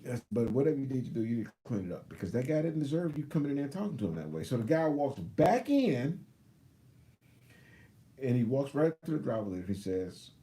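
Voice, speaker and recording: A truck driver in his fifties tells a rambling story on a live stream, often backtracking and restarting, and he acts out both sides of it. His medium-pitched voice is sing-song, a little fast, and dark in tone.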